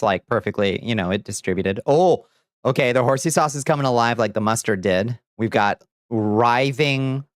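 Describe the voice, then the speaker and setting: During a casual livestream, a man chats with viewers in a playful, theatrical way while mixing ingredients. His medium-pitched voice comes through a dry, clean studio recording.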